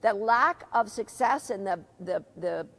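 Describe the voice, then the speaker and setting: A woman's voice: mid-range voice, expressive, a little slow, vocal fry, a bit bright. A middle-aged woman teaching a live dog agility seminar, chatty, asking her students questions and reading out their comments.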